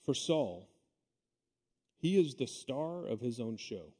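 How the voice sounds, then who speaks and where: A man's voice: medium pitch, very animated, slow, mellow, husky. A man preaching a sermon as pastor, in a conversational and emphatic way, with casual asides to the congregation. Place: church sanctuary. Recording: long reverb of a church hall.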